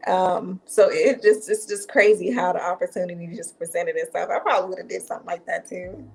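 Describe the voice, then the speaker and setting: A woman's voice: on the low side, fairly quick, creaky, few pauses, darkish tone, breathy edge. A woman in a casual TV recap chat, talking in an easygoing way. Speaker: podcast guest or co-host.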